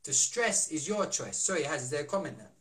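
This wellness coach co-hosts a live stream, talking casually, reading out what viewers comment and throwing in rhetorical questions. He sounds a little high and a bit bright, with a sing-song lilt and a slightly fast pace.

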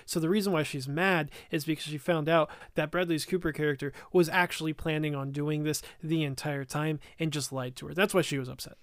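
Male podcast co-host, slightly high clear voice, dry close mic, animated explainer. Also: dry recording. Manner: explains plot, acting out quoted lines. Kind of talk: casual movie discussion.

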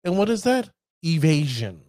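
A man giving casual commentary on a card game deck, chatty and addressing his viewers as ladies and gentlemen. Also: a little high, very animated, moderate pace, dry recording, clean studio sound.

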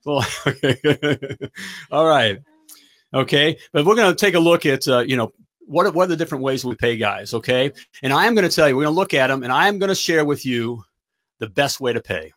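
With a medium-pitched voice and a brisk pace, a middle-aged business coach gives a spirited pep talk on his livestream, returning again and again to "all right?"

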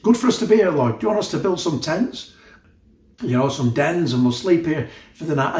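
A man's voice: medium pitch, darkish tone, echoey room. A man preaching a sermon, earnest and conversational, with frequent asides to the listeners. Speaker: pastor.

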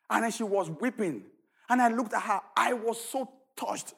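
A man preaching a sermon as pastor, shouting at the peaks and telling stories with a lively, swooping delivery. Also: high-pitched, moderate pace, vocal fry, husky.

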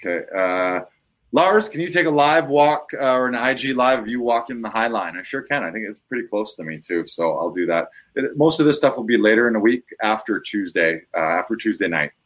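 A man's voice: on the low side, lively intonation, fairly quick, a bit bright. A man hosting a podcast, chatting casually and riffing animatedly on bits with his co-host.

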